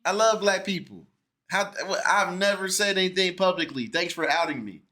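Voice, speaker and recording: Bright-voiced animated man in casual chat. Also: high voice, normal speed. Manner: animated, restarts and repeats words, mimics voices. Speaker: podcast host.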